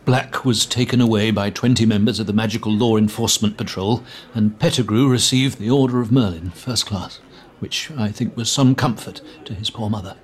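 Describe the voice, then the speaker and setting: An actor playing a fussy, self-important middle-aged government minister recounting events earnestly. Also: male voice, on the low side, moderate pace, close to an everyday voice. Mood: explaining.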